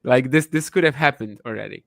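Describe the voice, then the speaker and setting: Gravelly-voiced man in casual chat. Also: medium pitch, a little fast, no echo. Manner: thinking aloud, with many restarts. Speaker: podcast co-host.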